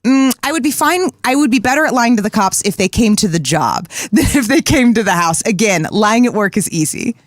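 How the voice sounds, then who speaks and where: A woman's voice: a little high, expressive, brisk, few pauses, no room sound, clean studio sound. A woman co-hosting a podcast in casual chat, candid and blunt, swearing now and then. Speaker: podcast co-host.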